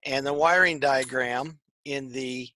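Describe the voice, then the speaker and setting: A man's voice: mid-range voice, fairly even intonation, slow, bright, forceful tone, slight background noise. A man co-hosting a casual tech chat show, rambling and repeating his words. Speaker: podcast co-host. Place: tech shop.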